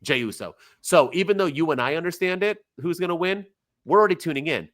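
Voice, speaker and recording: A man's voice: fairly high pitch, expressive, fast talker, a bit bright. A man co-hosting a casual wrestling podcast, talking animatedly and firing off questions at his co-host.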